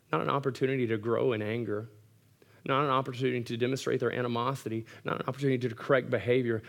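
A man's voice: mid-range voice, gravelly. A male pastor delivering a sermon earnestly, with occasional wry humorous asides.

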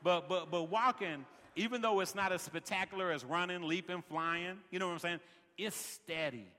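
A man's voice: high-pitched, normal speed, sharp tone, in a large hall. A man preaching a sermon as pastor, peppering his lines with "man" and building rhythmic refrains. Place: large worship center.

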